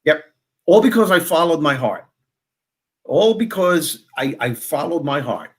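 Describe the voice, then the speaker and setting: Speaking fairly high, the middle-aged Long Island native recounts a story during a podcast interview. The former comedian turned motivational speaker animatedly voices the people in it, delivering dialogue in rapid bursts.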